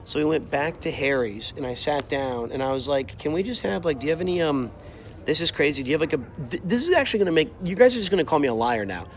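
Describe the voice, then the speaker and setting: A young man casually telling a travel story while walking outside, animated and exasperated, acting out quotes. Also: on the high side, fast, slight background noise. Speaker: streamer. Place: outdoors, walking. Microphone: mobile mic while walking.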